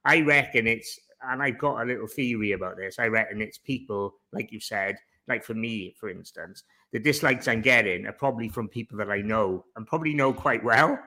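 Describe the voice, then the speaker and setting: A man's voice: fairly low pitch, fairly quick, few pauses, sharp tone. A man hosting his own podcast, chatty and agreeable, swearing casually. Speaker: podcast host. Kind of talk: casual chat.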